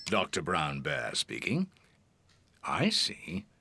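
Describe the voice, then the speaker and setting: Calm cartoon bear doctor; low gravelly voice, swoops widely, reassuring. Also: male voice, slow pace, heavy background noise, heavily acted. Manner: calm, reassuring bedside manner. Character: kindly male bear doctor, calm and gentle. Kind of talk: children's cartoon voice acting.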